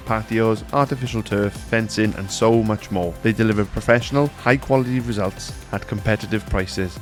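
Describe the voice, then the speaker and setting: Low male voice reading an ad. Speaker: ad reader. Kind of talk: read sponsor advert. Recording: music bed underneath.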